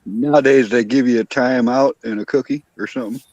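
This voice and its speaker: A man's voice: medium pitch, fairly even intonation, a little fast, darkish tone, no echo, highs cut off. A man with a mid-range voice adds wry jokes to a laid-back conversation. He speaks in short remarks, and the sound is dry and close. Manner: wry, joking comments. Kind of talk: casual chat.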